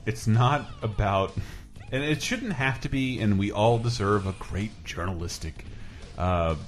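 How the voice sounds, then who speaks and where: A man's voice: on the low side, expressive, unhurried, soft background music. A man hosting a podcast, chatting casually in a rambling, laughing, profane way. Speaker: podcast host. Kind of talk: casual chat.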